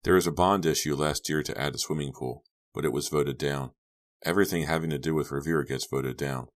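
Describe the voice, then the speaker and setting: A man reads an earnest, awkward teenage boy who answers a little louder than the narration around him. The voice stays extremely deep, with a dry edge of sarcasm. It is a storybook figure. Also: brisk.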